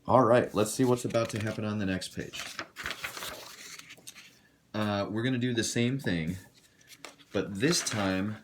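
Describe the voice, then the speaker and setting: A man gives a classroom math lesson, explaining each step plainly and casually. His voice sits a little low. Faint clicks can be heard behind him. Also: a little slow, long pauses, slight background noise. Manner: step-by-step, casual and encouraging, talking to students. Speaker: math teacher.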